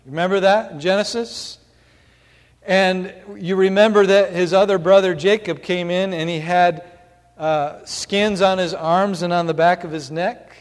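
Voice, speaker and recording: Man, preacher, sermon, earnest, slow, step-by-step teaching, long hall reverb. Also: high-pitched, fairly even intonation.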